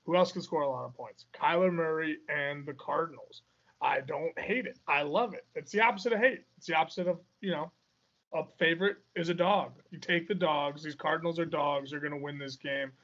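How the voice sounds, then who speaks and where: A man's voice: fairly high pitch, brisk, fairly bright tone, lo-fi sound. A man co-hosting a podcast, confidently talking through his football betting picks with playful bravado. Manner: confident, self-mocking bravado. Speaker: podcast co-host. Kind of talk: casual sports betting chat.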